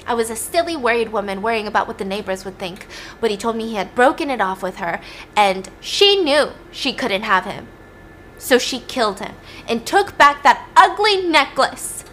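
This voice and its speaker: A woman's voice: medium pitch, quick pace, a little hiss or hum, lightly acted. A woman retelling courtroom testimony as a grieving mother who accuses the girl, gossipy. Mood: accusing. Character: grieving small-town mother on the witness stand.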